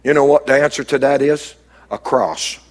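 A man preaching a sermon as a pastor, dropping low and quiet and then rising to emphatic, raised lines. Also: moderate pace.

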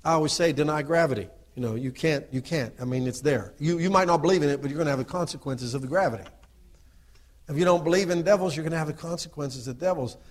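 This fast-talking middle-aged preacher alternates between low asides and loud, rousing exhortation in his sermon. He often asks listeners to agree.

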